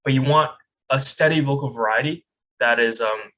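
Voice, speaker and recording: A young man teaches a speech class from his desk over a video call. He speaks in a loose, conversational way and keeps checking in with his students. His voice sits at a middle pitch for a man. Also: moderate pace, bright, forceful tone, poor audio. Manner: conversational, often ends points with "right?". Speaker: speech camp instructor. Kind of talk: online lecture. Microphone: webcam on a video call.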